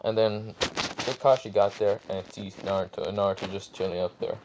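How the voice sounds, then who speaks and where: A man's voice: on the low side, fairly even intonation, normal speed, a little mellow, a little hiss or hum. A man casually retelling a fan story in a rambling, irreverent way, full of fillers.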